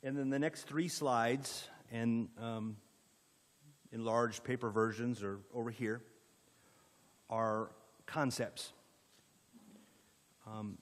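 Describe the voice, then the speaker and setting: A man's voice: medium pitch, in a large hall. A man with an Indiana accent presenting a rezoning proposal at a county planning meeting, in an orderly way with frequent fillers. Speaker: economic development presenter.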